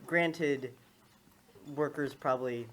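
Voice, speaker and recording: A man of middle pitch talks through an idea in a casual group discussion, restarting and repeating himself as he goes. A faint noise sits behind his voice. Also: a bit bright. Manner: halting, restarts often. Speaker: reading group member.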